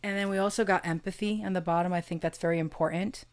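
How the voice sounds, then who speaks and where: A woman giving an intimate pick-a-card tarot reading, slow and earnest, affirming her listeners and drawing out key words. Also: lowish voice, fairly even intonation, dry recording. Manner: gets emotional and laughs softly at times; occasional swearing and casual fillers.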